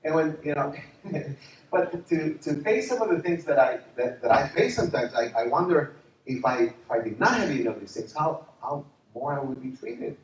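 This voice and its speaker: A man preaching a sermon as a pastor, telling stories in an animated way and laughing along with them. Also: fairly high pitch, moderate pace, slight background noise. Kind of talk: storytelling sermon. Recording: echoey hall, distant muffled mic.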